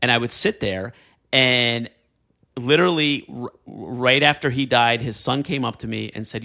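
Gravelly guy with a sharp bright tone, telling stories in a casual chat, laughs mid-sentence. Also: mid-range voice, moderate pace. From New York. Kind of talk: casual conversation.

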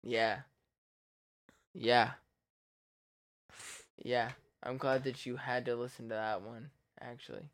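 A man's voice: mid-range voice, level tone, takes it slowly, long pauses, fairly bright tone, slight background noise. A man co-hosting a podcast, chatting in a blunt, profane way and laughing often. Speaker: podcast co-host. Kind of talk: casual chat.

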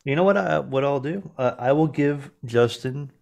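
A man co-hosting a casual podcast, talking emphatically with lots of swearing and halting restarts. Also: mid-range voice, gravelly, a little mellow. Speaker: podcast co-host.

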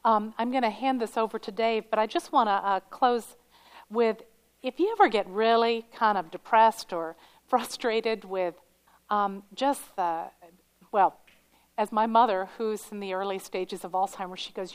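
A woman's voice: medium pitch, measured pace, clear, resonant tone, rough recording. A woman pastor responding to a testimony and encouraging her Sunday school class.

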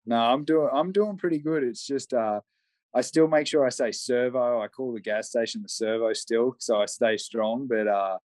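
A man's voice: mid-range voice, moderate pace, darkish tone, dry recording. A young man from Queensland with an Australian accent, talking casually and rambling over a remote call from a shed. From Australia, Southeast Queensland. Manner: rambling, friendly, many fillers. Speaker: guest on a call. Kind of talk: casual conversation. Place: backyard shed.

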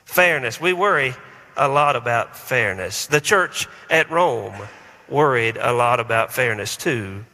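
A man's voice: mid-range voice, lively intonation, a little slow, sharp tone. A man, a pastor preaching a conversational sermon with self-deprecating humor and rhetorical questions. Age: 40s. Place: church sanctuary. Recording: long reverb in a large hall.

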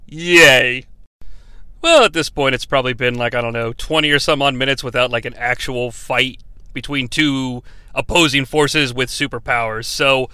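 A man's voice: on the high side, sharp tone, clean tone, no echo. A man hosting a comedic bad-movie review, ranting sarcastically and swearing a lot.

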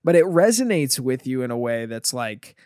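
A man's voice: medium pitch, normal speed, dry recording, studio quality. A man in casual chat, telling stories animatedly and acting out the quotes. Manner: animated storyteller, acts out quotes.

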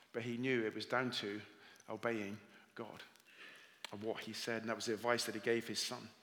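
Welsh male pastor, mid-range voice, preaching and storytelling in a reverberant hall. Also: mid-range voice. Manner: warm storytelling with scripture readings. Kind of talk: sermon.

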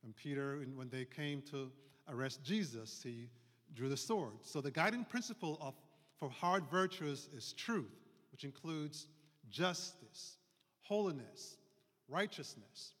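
A male pastor preaching a sermon, explaining scripture and slowing down on key phrases. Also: mid-range voice, animated, a bit bright. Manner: explanatory preaching, slows for emphasis, occasional fillers. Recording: long hall reverb.

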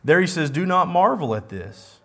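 High-voiced man preaching a sermon. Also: very animated, moderate pace, fairly bright tone. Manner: earnest, repeats phrases for emphasis, reads scripture aloud.

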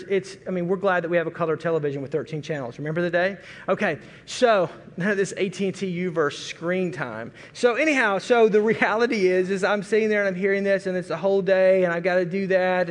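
A middle-aged man from Arkansas preaching a sermon, telling a folksy, animated story and acting out family voices. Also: high voice. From Arkansas, USA. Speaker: pastor. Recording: long reverb of a large hall.

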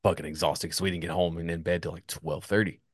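A man's voice: deep voice, steady tone, quick pace, dry recording, studio quality. A young man telling a story in casual chat, rambling with lots of filler words, swearing now and then. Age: young adult.

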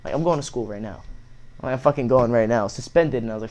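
A young man tells a story in loose, casual talk, swearing freely. He jumps into the voices of the people in the story. His pitch sits in the middle of the male range. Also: fast. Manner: profane, animated, acts out quotes. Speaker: guest telling a story.

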